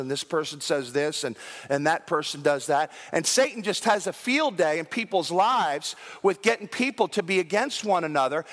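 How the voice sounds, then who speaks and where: A man's voice: high-pitched, a bit bright, long reverb tail. A man preaching a sermon to his congregation in a church, repeating words and asking them questions. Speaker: pastor. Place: church sanctuary.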